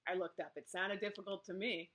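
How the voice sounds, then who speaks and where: Female audiobook narrator; bright, clear, steady first-person storytelling. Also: medium pitch, fairly quick.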